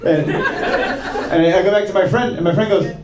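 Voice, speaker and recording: A man doing a stand-up comedy set, self-deprecating, with quick asides and acted-out quoted voices. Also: sits high. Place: comedy club stage before a laughing audience. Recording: echoey live room with crowd noise.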